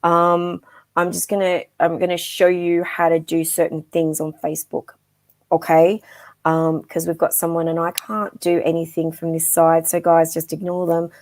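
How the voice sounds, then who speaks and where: Woman, middle-aged, low-ish voice, rambling warm live-stream psychic host. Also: completely flat delivery, moderate pace. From Australia. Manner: chatty and affectionate, calls viewers darling, many ums. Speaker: psychic medium guest host.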